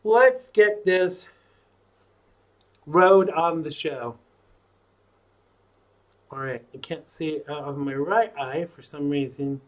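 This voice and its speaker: A man's voice: fairly high pitch, slow, pauses often. A man hosting his own live stream, rambling chattily and talking to himself while he gets ready to go live. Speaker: live-stream show host. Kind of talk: casual pre-show chat to himself.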